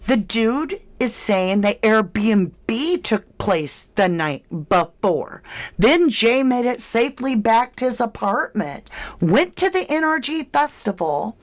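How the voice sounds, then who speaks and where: A woman's voice: fairly high pitch, very animated, slow pace. A woman hosting a true crime livestream, chatting casually with viewers in a chatty, emphatic, slightly snarky way. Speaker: true crime channel host. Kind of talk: casual livestream chat reading comments.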